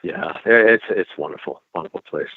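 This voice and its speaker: Middle-aged French-accented investigator, very deep voice, rambling delivery, heard over a tinny dry phone line. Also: male voice, normal speed, husky, dry recording. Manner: rambling storyteller with many fillers and restarts. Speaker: paranormal and UFO investigator guest. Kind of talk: casual interview over the phone.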